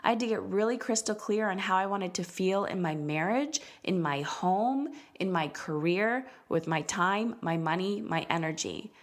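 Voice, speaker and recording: Female podcast host, 30s, earnest coaching monologue with emphatic slowed stresses. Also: mid-range voice. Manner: earnest, emphatic, slows down to stress key words.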